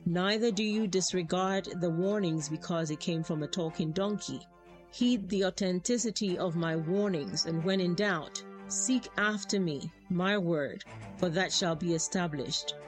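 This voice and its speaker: A woman delivering a solemn, measured prophetic declaration in first person. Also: on the low side. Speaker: prophetic speaker. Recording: music bed behind the voice.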